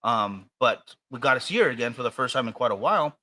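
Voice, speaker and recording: A man's voice: mid-range voice, lively intonation, fast, pushed and bright. A man with an American accent co-hosting a podcast in casual chat, rambling and hesitant with many fillers and restarts. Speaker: podcast co-host.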